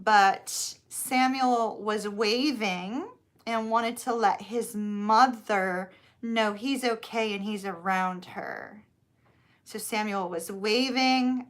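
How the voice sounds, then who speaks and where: A middle-aged woman with a Southern US accent, chatting warmly through a live tarot reading and drawing out her words. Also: mid-range voice. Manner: chatty, bubbly, drawn-out words. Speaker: tarot reader.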